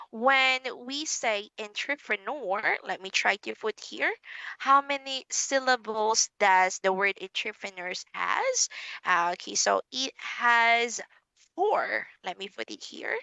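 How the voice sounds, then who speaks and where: A young woman with a Filipino English accent teaching an online English lesson to a child, slow and encouraging, calling herself teacher. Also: mid-range voice, creaky, bright, forceful tone, no echo.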